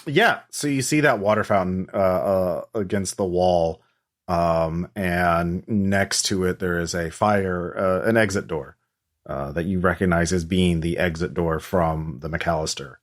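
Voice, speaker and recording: Deep-voiced man narrating a tabletop game. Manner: halting, many ums, slow and atmospheric. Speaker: game master.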